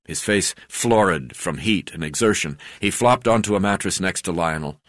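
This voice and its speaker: Man, memoir reading, very low voice, dry close sound, steady with fillers. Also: normal speed, dry recording. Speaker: memoir narrator.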